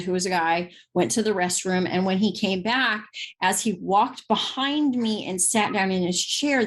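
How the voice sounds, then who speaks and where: A woman co-hosting a podcast, chatting casually about intuition and telling stories with lively, acted-out dialogue. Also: on the low side. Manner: lively storyteller, acts out quoted dialogue. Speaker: podcast co-host. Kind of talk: casual spiritual conversation.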